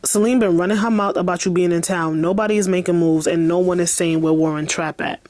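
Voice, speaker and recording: A woman's voice: fairly low pitch, steady tone, fast talker, a little mellow, no room sound, close to an everyday voice. A woman voicing a blunt, street-wise man on the phone in a spoken story, near her own voice. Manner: slangy, street-wise, warning.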